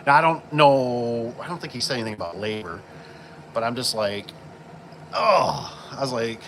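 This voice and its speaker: Man, garage door installer, casual rambling chat, mid-range pitch, job-site noise, passing vehicles. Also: very animated, normal speed, fairly bright tone. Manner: rambling, storytelling with lots of fillers. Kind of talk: casual work vlog chat.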